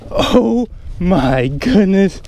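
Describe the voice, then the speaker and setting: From a small boat at sea, a fishing vlogger cheers and exclaims over a big catch in a high-pitched voice. He's excitable and breathless yet speaks very slowly, and there's a slight hiss or hum in the recording.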